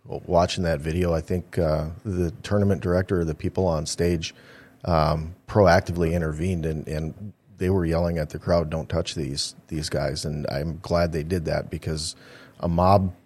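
A man answering interview questions as a polygraph examiner, measured and careful, with many ums and uhs. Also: low voice, steady tone, a little mellow, breathy edge.

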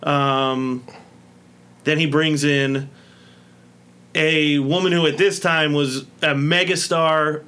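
Male podcast co-host, bright and sharp-toned, easygoing and chatty. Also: fairly high pitch, steady tone, takes it slowly, pauses often, smooth. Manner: chatty, laughs often. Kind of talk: casual chat.

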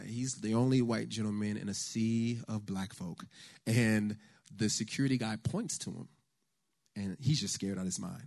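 An American man giving a conversational, faith-based talk on politics to a church lunch audience, telling stories with lively asides. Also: on the low side, gravelly. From United States. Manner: animated storyteller, conversational with the audience.

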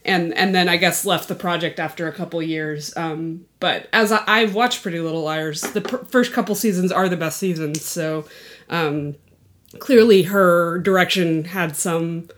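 A woman's voice: lowish voice, normal speed, fairly bright tone. A woman in her forties co-hosting a podcast in casual chat, meandering and hesitant with many fillers. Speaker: podcast co-host.

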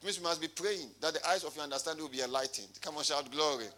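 Preaching fast and forcefully, this pastor has a bright voice on the high side. He reads scripture and calls out to the congregation, drawing responses back from them.

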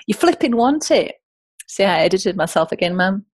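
A woman's voice: medium pitch, a little fast, dry recording. Chatty northern English woman. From north of England. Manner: chatty, animated, self-correcting. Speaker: podcast host. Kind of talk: casual podcast monologue.

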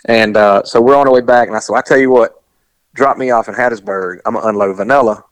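A middle-aged man, casually telling a long, animated story and acting out the voices of the people in it. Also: fairly low pitch, fast, no room sound, poor audio. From US South. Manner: rambling, animated, acts out quoted voices.

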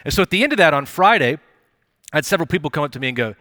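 Male pastor, bright voice, folksy encouraging sermon with lots of "uh"s, dry close mic. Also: on the high side, expressive, very fast, dry recording. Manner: conversational, encouraging, many fillers and restarts. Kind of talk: live sermon. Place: church service.

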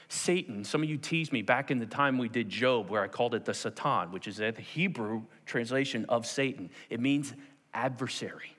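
A man preaching a sermon to a congregation, animated and acting out the scenes of the story in different voices. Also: medium pitch, fairly quick, big-room sound. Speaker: pastor.

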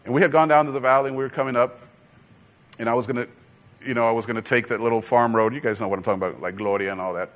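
A middle-aged man, a pastor, preaching a sermon in a conversational, storytelling way with sudden loud emphasis. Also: medium pitch, steady tone, racing.

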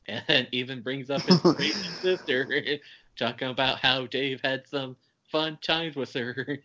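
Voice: mid-range voice, steady tone, measured pace, fairly bright tone. A podcast host recapping a movie in casual chat, laughing while retelling scenes. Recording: dull, lo-fi podcast audio.

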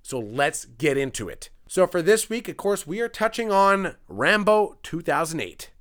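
A man's voice: fairly high pitch, very animated, normal speed, a bit bright. Rambling, profane man recapping a film. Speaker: film reviewer. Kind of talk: casual movie recap commentary. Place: at a computer clicking through a film.

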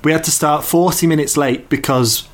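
Co-hosting a podcast, this man spins stories in an animated, casual chat, frequently breaking into laughter. He speaks at a moderate pace in a fairly high voice.

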